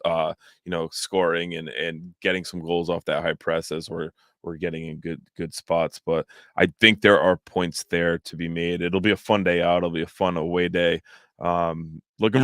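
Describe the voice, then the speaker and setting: A man hosting a casual soccer podcast from a spare room at home, relaxed and rambling with fillers. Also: low voice, no room sound, studio quality. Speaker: podcast host.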